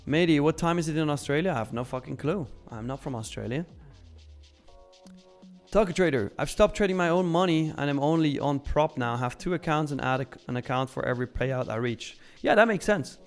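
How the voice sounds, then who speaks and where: A man's voice: a little high, animated, a little fast, faint music behind. A young man hosting a live trading stream, chatting casually and upbeat as he reads viewer comments, laughing often and using slang.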